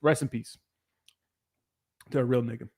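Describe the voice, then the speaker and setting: A man's voice: medium pitch, fairly even intonation, moderate pace. A young man hosting a casual livestream, reading viewer comments and joking around with laughter and lots of swearing. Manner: joking, laughing, profane and loose. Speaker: crypto livestreamer.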